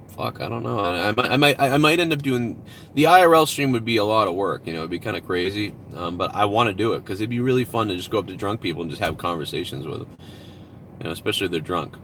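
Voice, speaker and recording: Brief: male streamer, bright and forceful, slightly low voice, rambling and profane, outdoors with faint traffic behind. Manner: rambling, profane, reads out donations. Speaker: live-stream host. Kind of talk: casual live-stream chat.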